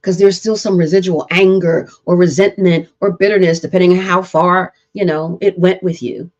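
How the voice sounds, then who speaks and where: A woman's voice: on the low side, steady tone, normal speed, darkish tone, lo-fi sound. A woman therapist hosting a live-streamed relationship talk, speaking earnestly and repeating points with preacher-like emphasis. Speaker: therapist and show host.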